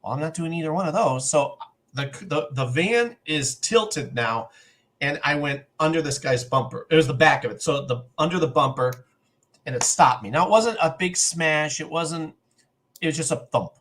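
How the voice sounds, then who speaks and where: A man's voice: fairly high pitch, lively intonation, moderate pace, fairly bright tone. A middle-aged man telling a long personal story on a podcast, acting out the other people's lines as he goes. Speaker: podcast co-host. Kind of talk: casual storytelling.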